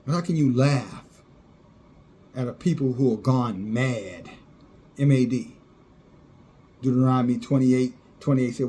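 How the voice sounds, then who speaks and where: A man's voice: mid-range voice, a little slow, pauses often, dark tone, slight background noise. A man preaching a fiery sermon, scornful and sarcastic, often laughing at those he criticizes.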